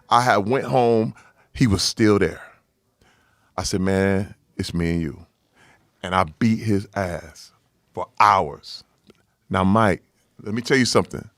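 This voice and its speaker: A man telling a personal story as a podcast guest, jumping from loud exclaiming to hushed low tones and acting out the people he quotes. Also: dry recording, studio quality. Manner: acts out quoted voices in his story. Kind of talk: casual storytelling.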